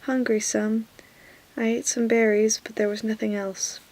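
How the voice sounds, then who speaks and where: A woman's voice: a little high, flat delivery, unhurried. A woman voicing a fierce, defiant young girl in a whispered role-play. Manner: soft whisper.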